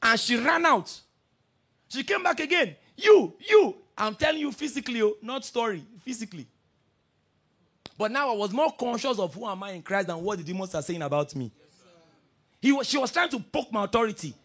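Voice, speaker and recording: High-voiced, lively preacher. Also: male voice, fairly quick. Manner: animated storytelling, swings from soft asides to loud declarations. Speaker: pastor. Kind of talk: sermon.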